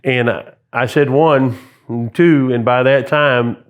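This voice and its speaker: A man's voice: mid-range voice, slow. A middle-aged man, a former police sergeant, telling stories in a casual interview and acting out the radio calls he quotes. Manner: animated anecdotes, acts out radio calls and quotes. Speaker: retired police sergeant, guest.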